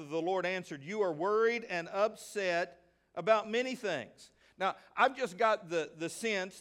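Male pastor, high voice, emphatic sermon delivery, questions the congregation. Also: fairly bright tone.

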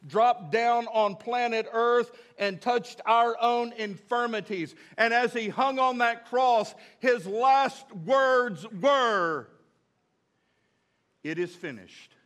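A pastor preaches an emphatic sermon, his fairly bright voice high for a man. Key phrases get stressed and repeated, and his pace shifts between drawn-out lines and quick bursts.

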